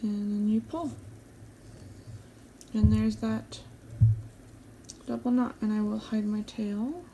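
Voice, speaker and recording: A woman hosting an embroidery tutorial, calmly explaining each step as she works with her hands at a table. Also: medium pitch, slow, slight background noise. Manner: calm, step-by-step explaining while stitching. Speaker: embroidery channel host.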